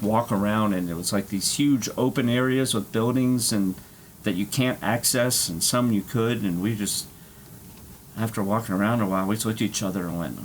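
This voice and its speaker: Low-voiced man rambling through a story. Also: a little hiss or hum. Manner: profane, laughing, filler-heavy. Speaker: streamer.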